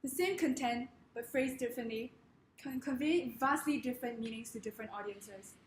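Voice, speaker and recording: A woman's voice: fairly high pitch, brisk, slight background noise. A young woman with a Singaporean accent giving a humorous speech in a playful, mock-grandiose way. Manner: playful, mock-grandiose, laughs between lines. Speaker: speaker giving a humorous talk. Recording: echoey room.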